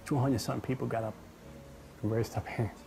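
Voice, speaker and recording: A man's voice: medium pitch, steady tone, brisk, gravelly, dark tone. A man giving an earnest, dramatic personal testimony about his past. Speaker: testimony speaker. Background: music.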